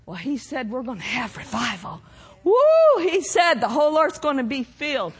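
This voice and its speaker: A woman preaching a fervent sermon, shouting proclamations and exclaiming hallelujah. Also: sits high, animated, brisk, slightly rough, long reverb tail.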